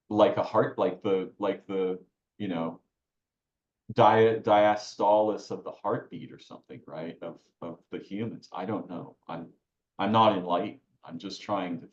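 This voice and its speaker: A man's voice: low-pitched, steady tone, measured pace, echoey room, highs cut off. A man talking as a podcast guest, reflective and searching, often restarting his phrases mid-thought. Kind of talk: reflective conversational talk.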